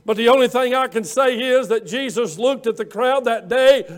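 A preacher man with an unusually high voice delivers a fervent sermon. He builds to shouts at the peaks and keeps the rhythm going with many drawn-out "uh" fillers.

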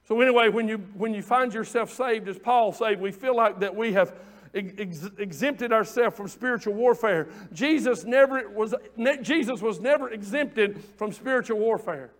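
High-voiced fervent preacher man. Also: normal speed. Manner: fervent, rising to shouts, call-and-response. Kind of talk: sermon.

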